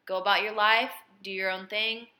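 A woman's voice: mid-range voice, flat delivery, moderate pace, bright, forceful tone. A young woman co-hosting a casual podcast, summing up advice point by point. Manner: sums up points in a numbered recap. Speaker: podcast co-host.

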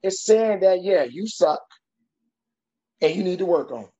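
A man's voice: high-pitched, lively intonation, measured pace, mellow, muffled recording. A man who works as a coach, talking bluntly and emphatically in a conversation and giving tough-love advice. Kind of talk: podcast conversation.

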